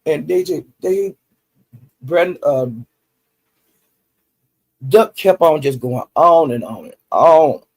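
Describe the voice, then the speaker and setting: A man's voice: a little high, expressive, takes it slowly, pauses often. A man, recapping online drama in a rambling, folksy way full of fillers. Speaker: YouTube commentary host.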